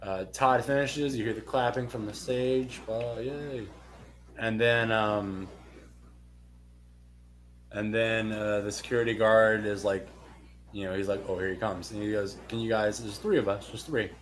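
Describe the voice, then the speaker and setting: A young man co-hosting a podcast, telling a long story in casual chat, animated and swearing freely. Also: on the low side, unhurried, a little hiss or hum. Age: young adult. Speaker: podcast co-host.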